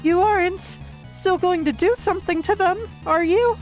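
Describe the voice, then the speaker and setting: A woman voicing a defiant young heroine who demands answers in a sharp, shouting way. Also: very high voice, normal speed, faint music behind, voice pushed up, rough recording.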